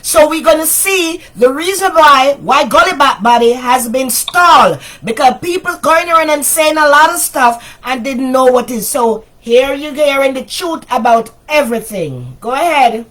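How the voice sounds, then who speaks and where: High-pitched woman hosting a live stream, cutting in to urge viewers. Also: expressive, moderate pace, few pauses, fairly bright tone. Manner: interrupting, urging viewers. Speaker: host.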